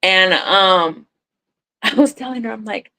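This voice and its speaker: A woman talks on a crochet livestream and tells a story in a casual, chatty way. She acts out the voices of the people in the story and swears now and then. Her voice sits at a middle pitch. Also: slow, bright, forceful tone, poor audio. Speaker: crochet content creator on a livestream.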